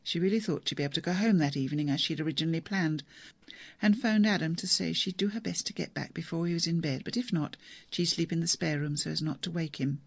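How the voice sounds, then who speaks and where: A narrator reading a novel aloud in a measured, even storytelling manner. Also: medium pitch, gravelly, breathy edge, no echo. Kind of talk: audiobook narration.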